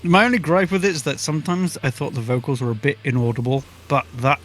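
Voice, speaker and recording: A man's voice: medium pitch, steady tone, fast talker. Jokey, laughing male podcast co-host. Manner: jokey, laughs often, crude humor. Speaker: album review co-host. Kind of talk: casual podcast chat.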